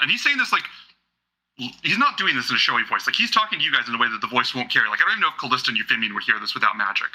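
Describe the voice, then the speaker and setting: A man's voice: mid-range voice, lively intonation, very fast, sharp tone, low-quality recording. A man narrating a tabletop game as game master in a casual, rambling way.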